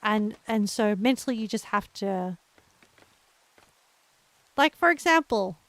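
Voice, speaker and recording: Slow-talking Australian woman, dry close sound. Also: medium pitch, expressive, no echo. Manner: gentle, encouraging, laughs often. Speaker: livestreamer. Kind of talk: casual chat with live viewers.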